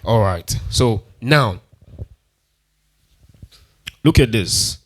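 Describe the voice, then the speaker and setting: A man's voice: lowish voice, expressive, drawn-out words, a bit bright, faint music behind. A man hosting a keyboard tutorial, counting beats aloud and repeating his steps patiently. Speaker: music tutorial host. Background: keyboard instrument sounds.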